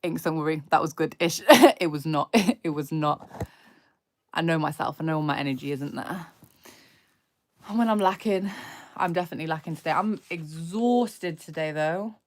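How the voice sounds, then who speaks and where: A woman's voice: deep voice, moderate pace, dry recording. A woman in casual livestream chat from her bedroom, blunt and self-critical, swearing freely. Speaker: livestreamer and rapper.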